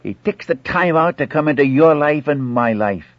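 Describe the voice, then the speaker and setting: A man's voice: fairly high pitch, animated, normal speed, dry recording. A man preaching an earnest sermon, acting out scripture dialogue and pleading directly with his listeners. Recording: muffled old dry recording.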